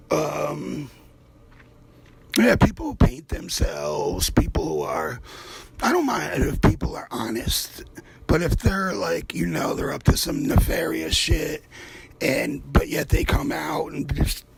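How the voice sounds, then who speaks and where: A man with a heavily gravelly, very raspy voice that sits a little high for a man. He talks in a loose, profane ramble while painting, hopping between tangents and swearing freely. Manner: drifts between topics in loose asides. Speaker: artist and show host.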